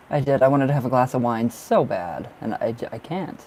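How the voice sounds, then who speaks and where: A man's voice: medium pitch, lively intonation, moderate pace, darkish tone, slight background noise. A man doing live-stream tarot readings, chatty and giggly, who calls viewers by name and sounds cold and bundled up. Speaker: tarot reader.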